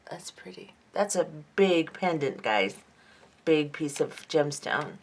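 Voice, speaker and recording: A woman vlogger speaks slowly and expressively in a low voice over a noisy background. At her home craft table under lamps, she unboxes craft beads for her jewelry-making channel, chatting casually, reading out each item and admiring it.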